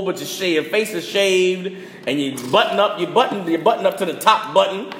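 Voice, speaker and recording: Recorded in a spacious, echoing room with a faint background hiss, a young man rants on his podcast at normal speed in a high-sitting voice. He's blunt and emphatic, throwing in slang and repeating phrases to hit harder.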